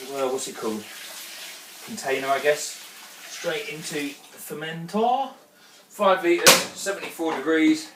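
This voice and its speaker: Sweary home brewer, roomy and distant. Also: male voice, a little high. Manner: chatty, sweary, prone to exclamations. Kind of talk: casual brew-day vlog commentary. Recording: roomy, distant mic, faint background noise.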